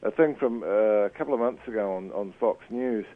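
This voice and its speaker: A man's voice: mid-range voice, a little fast, no echo. A man chatting casually on radio as a media commentator, hesitant with many fillers and restarts. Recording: tinny phone line.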